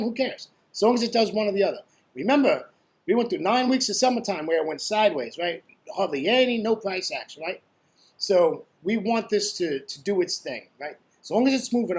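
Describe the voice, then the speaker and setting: A chatty, high-voiced forex trading educator gives casual screen-share trading commentary. He's blunt and joking, and constantly asks "right?"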